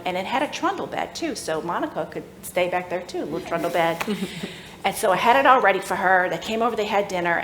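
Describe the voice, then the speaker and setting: A middle-aged woman telling a personal faith story at a church workshop, animated and laughing as she acts out the voices of people in the story. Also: on the low side, slight background noise. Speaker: workshop speaker. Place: church room. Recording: echoey room with faint ambience.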